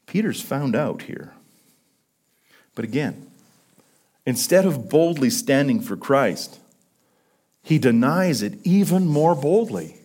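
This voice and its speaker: Lively, dramatic male preacher. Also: takes it slowly, long pauses, breathy edge. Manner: dramatic, swings from loud emphatic peaks to hushed low lines. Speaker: pastor. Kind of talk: sermon.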